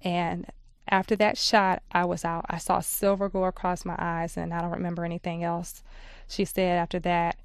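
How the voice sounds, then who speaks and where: A woman speaks as a radio interview guest, telling her own story in a measured, steady way. Her voice sits low and stays flat in tone. It has a gravelly, fry-tinged texture and a close, dry sound. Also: dry recording. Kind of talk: personal testimony in a radio interview.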